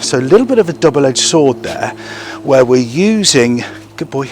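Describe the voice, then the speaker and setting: A man's voice: mid-range voice, sing-song, moderate pace. Bloke training his gundog outside, chatty explaining plus "good lad" praise, bit of outdoor noise. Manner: talks to camera while praising and commanding a dog. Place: outdoor dog run.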